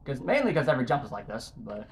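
A man's voice: medium pitch, very animated, quick pace. A young man commentating his own gameplay, frustrated and swearing at the game as he keeps failing jumps. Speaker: gaming YouTuber. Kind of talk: let's play commentary.

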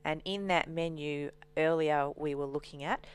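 A woman walking through a software demonstration as a trainer, explaining steadily with frequent ums. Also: sits low, fairly even intonation, normal speed, clean tone.

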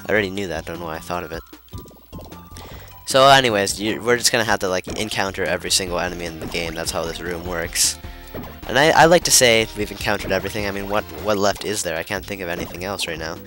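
A man's voice: low-pitched, a bit bright. A young man giving rambling, flustered commentary while playing a video game, full of fillers and restarts. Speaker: let's player. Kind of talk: gameplay commentary.

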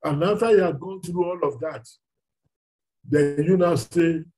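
Husky, high-voiced Nigerian preacher. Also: male voice, unhurried, darkish tone, low-quality recording. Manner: emphatic, asking the listeners rhetorical questions. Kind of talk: sermon.

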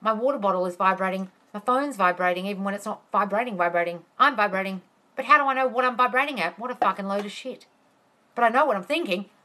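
This live-streaming manifestation coach talks fast in a medium-pitched, bright, forceful voice. She fires back at viewers' comments with blunt, profanity-laced, exasperated rants, addressing them as darling.

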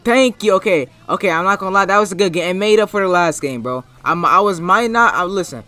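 Excitable young gamer guy, bright voice. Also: high voice, quick pace. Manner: slangy, excitable trash talk to opponents; repeats short catchphrases. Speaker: gaming YouTuber. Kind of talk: live gameplay commentary.

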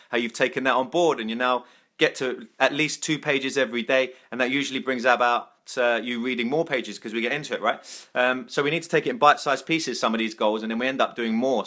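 A man leads a live-streamed motivational talk in a bright, forceful voice. He talks loosely and off the cuff, often restarting his sentences. He keeps circling back to the same phrases to drive his message home. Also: medium pitch. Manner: repetitive, emphatic, restarts phrases. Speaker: motivational vlogger.

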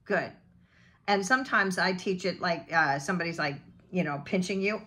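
A woman from the western United States with a General American accent, teaching a pronunciation lesson and drilling sounds slowly and deliberately. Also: on the low side, fairly bright tone. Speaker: accent coach.

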